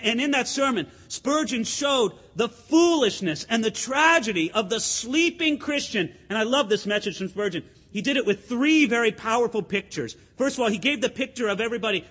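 A man preaching a sermon as pastor, conversational and animated, with asides to the congregation. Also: very high-pitched, breathy edge, in a large hall.

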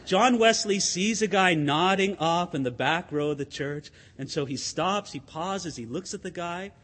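A pastor preaches a sermon in a conversational, animated way, tossing asides to the congregation. His voice is high-pitched and husky, with a big-room sound.

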